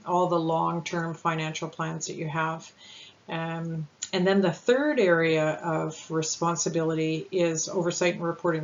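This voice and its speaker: Woman presenter, lower register, steady explanatory delivery with fillers, muffled recording with light hiss. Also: vocal fry. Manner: measured, with frequent ums and uhs. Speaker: presenter at a candidate information session. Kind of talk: informational talk. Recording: dull lo-fi sound with faint hiss.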